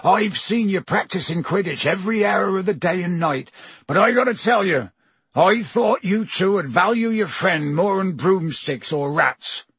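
A male narrator voicing a huge, gruff but kindly gamekeeper who talks in a rough, homely way. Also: sits high, animated, measured pace, a bit bright, no room sound, voice pushed up, full character voice. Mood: chiding.

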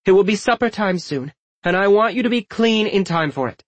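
A man voicing a calm, firm adult woman, a mother in an audiobook, speaking in an even, measured way. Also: mid-range voice, husky, no room sound.

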